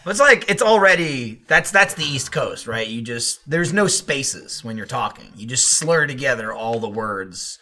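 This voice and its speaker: Animated, bright-voiced podcast guy. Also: medium pitch, measured pace, hardly any pauses. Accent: faint New Jersey. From New Jersey. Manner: joking, swears often, reads ads playfully. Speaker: podcast co-host. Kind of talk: casual chat.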